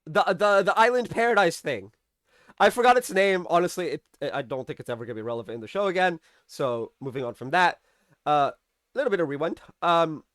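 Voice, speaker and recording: A man's voice: on the high side, a bit bright, no room sound, clean studio sound. A man giving a casual, rambling review of a TV episode. He uses lots of fillers and restarts and acts out the characters' lines as he recaps.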